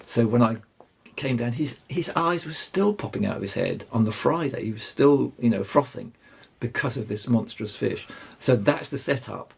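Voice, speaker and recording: Gravelly older man telling stories. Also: medium pitch, expressive. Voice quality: gravelly, husky. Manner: rambling, halting with many restarts. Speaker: guest angler. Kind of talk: anecdotal storytelling.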